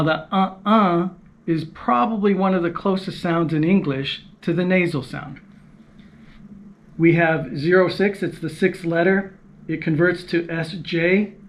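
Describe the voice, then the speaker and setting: A man giving a patient, explanatory language lesson, repeating key points and demonstrating sounds aloud. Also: fairly high pitch. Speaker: language teacher.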